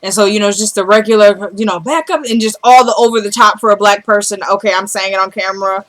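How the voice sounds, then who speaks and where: A woman vlogger in a casual, animated recap of a TV drama, talking straight to her viewers and laughing often. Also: mid-range voice, fast, low-quality recording.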